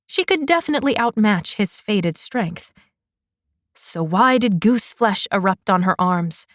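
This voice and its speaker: A woman narrating a fantasy romance audiobook in a measured, unhurried manner. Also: mid-range voice, expressive, dry recording, clean studio sound.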